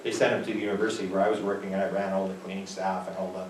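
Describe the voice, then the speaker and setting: A man from Manitoba, Canada, gives a rambling, conversational lecture in a talk venue room, acting out the voices of people in his stories. His voice is low and level, and he speaks rapid-fire. A roomy, distant mic catches faint background noise.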